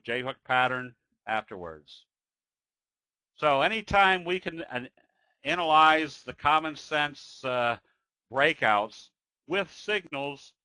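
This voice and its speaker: Man, webinar trading lesson, folksy and conversational, lots of fillers, bright forceful tone, dry close sound. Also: medium pitch, no room sound, low-quality recording. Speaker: trading educator. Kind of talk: webinar chart walkthrough.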